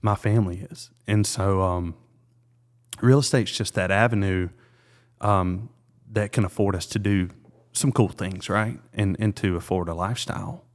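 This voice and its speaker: A man in his thirties, a realtor being interviewed, telling a personal story in an earnest, halting way with many fillers and restarts. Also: low voice, fairly even intonation. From South Carolina.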